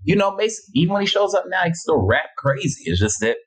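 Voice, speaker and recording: A comedian from Harlem, chatting casually on a podcast and quoting rap bars with relish. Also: male voice, sits high, very animated, fast, crowd noise. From Harlem, New York. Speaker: comedian guest.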